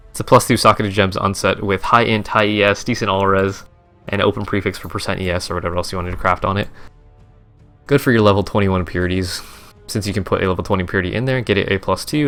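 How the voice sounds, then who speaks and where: A man's voice: lowish voice, fairly bright tone. A young man, a streamer, casually recapping his game trades in a rambling, profane, self-correcting way.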